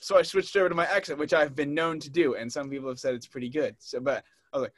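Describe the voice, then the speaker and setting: A young man co-hosts a podcast in relaxed, chatty conversation. His voice sits a little high, and he tells stories with an easy laugh. The sound is dry and close, with no room echo. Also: fast talker. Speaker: podcast co-host. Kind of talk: casual chat.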